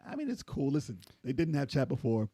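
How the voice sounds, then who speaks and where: Sarcastic podcast co-host, male, husky and gravelly. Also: mid-range voice, very animated, fairly quick, warm tone, dry recording. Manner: sarcastic, opinionated, laughs often. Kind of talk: casual gaming chat.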